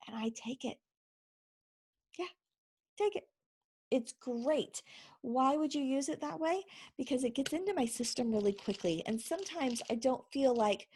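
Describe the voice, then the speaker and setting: Woman, middle-aged, mom vlogger, chatty, encouraging, slightly high, husky. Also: darkish tone. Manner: chatty, encouraging, laughs often. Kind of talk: casual instructional vlog.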